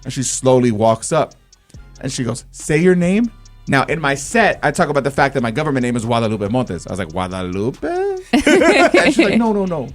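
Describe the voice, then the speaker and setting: A man's voice: on the high side, big pitch swings, normal speed, soft background music. A young adult man hosting a radio show, telling an emotional story in a casual, earnest way. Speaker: radio show host and comedian.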